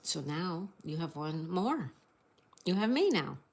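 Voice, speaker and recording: A woman's voice: fairly low pitch, big pitch swings, takes it slowly, darkish tone, husky. A woman hosting a casual livestream, greeting viewers, reading chat aloud and spelling out crossword answers. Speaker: livestream host.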